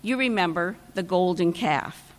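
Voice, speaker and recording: A woman preaching a sermon, retelling scripture in a measured storytelling manner with dramatic pauses. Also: on the low side, lively intonation. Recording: long church reverb.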